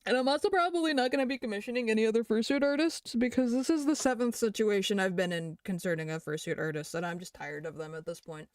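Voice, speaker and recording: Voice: medium pitch, fast talker, hardly any pauses, smooth, no room sound. Young adult ranting casually, swearing, reading stuff out and reacting, dry sound. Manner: rambling and profane, reading posts aloud and reacting. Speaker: creator responding to allegations. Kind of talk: casual commentary.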